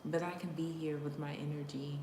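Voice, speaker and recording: A woman with a low voice hosts a casual livestream chat, speaking directly to her viewers. She slips into whispers now and then and laughs often. Her voice rings in a roomy space with faint background ambience. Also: level tone, fairly quick, background noise. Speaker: livestream host. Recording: roomy room echo.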